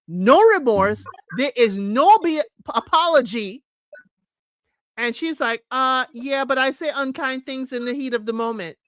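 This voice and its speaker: A talkative woman runs through the week's reality TV drama in a casual recap. Her voice sits fairly high, and the recording is close and dry with no room sound. She talks straight to her viewers and keeps calling them y'all. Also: no room sound. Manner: chatty, animated, addresses viewers as y'all.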